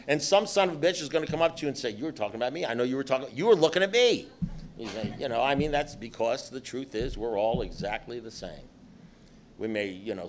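An older man speaking to a recovery group in a blunt, profane, conversational way. He talks in punchy, repeated phrases and slips into mimicked voices. Faint noise sits behind him. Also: mid-range voice. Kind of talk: personal recovery talk to a group.

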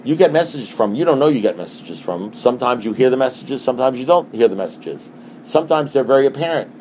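A middle-aged man speaks to a recovery meeting in a folksy, animated way. He keeps circling back with rhetorical questions and repeated phrases. His voice sits in an ordinary middle pitch. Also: quick pace, slight background noise.

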